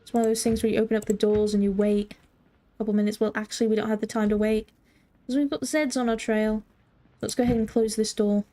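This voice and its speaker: A woman with a mid-range, mellow voice talks quickly and flatly while streaming a game live. She chats with her viewers and reads the chat in a playful, mock-formal style as she plays.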